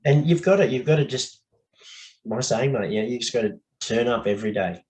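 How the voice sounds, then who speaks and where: An Australian man speaking candidly as a guest on a casual podcast, blokey and quick to laugh, swearing now and then. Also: medium pitch, a little mellow, poor audio.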